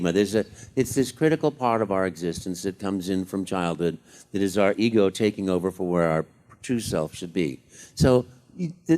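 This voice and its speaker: Reflective man speaking on a panel. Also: fairly low pitch. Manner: warm-hearted, reflective and encouraging. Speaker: convention panel guest. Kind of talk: casual panel Q&A. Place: convention panel room.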